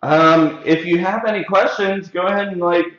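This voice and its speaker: A man's voice: high-pitched, fairly even intonation, moderate pace, a bit bright. A man hosting a live hair-cutting show, chatting casually and jokingly in a salon classroom, recorded on a camera mic. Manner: joking, filler-heavy, talks to the chat. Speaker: hairstylist and show host. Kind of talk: casual chat during a live tutorial. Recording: echoey room, dull sound.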